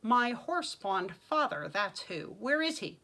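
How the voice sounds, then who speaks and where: A woman reading an audiobook voices an enraged young nobleman in a low, angry growl. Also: brisk, gravelly, bright, forceful tone. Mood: furious.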